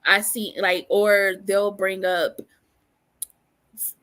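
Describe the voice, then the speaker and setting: A woman's voice: mid-range voice, slow. A young adult woman on a podcast panel, telling her story animatedly and acting out what others said. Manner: animated storytelling, acts out quotes. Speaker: panel guest. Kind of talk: casual panel discussion.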